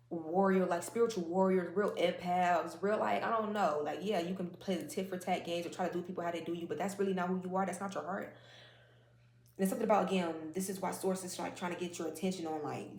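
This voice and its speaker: A woman with a lowish voice gives a casual oracle card reading, rambling and conversational, full of fillers and side remarks. Her voice sounds roomy and echoey, with faint noise behind. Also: darkish tone.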